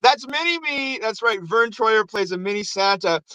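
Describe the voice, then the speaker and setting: Excitable man recapping a movie, high voice. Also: normal speed, clear, resonant tone, no echo, poor audio. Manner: animated, acts out quotes in raised voices; casual, swears freely. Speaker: show host.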